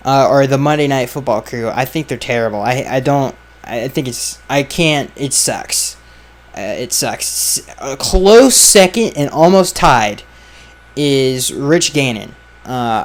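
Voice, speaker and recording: A man hosting a podcast, chatting casually and giving blunt, offhand opinions, his sentences often trailing off, recorded outdoors. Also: fairly high pitch. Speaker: podcast host answering fan questions. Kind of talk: casual chat. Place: outdoors with flies around.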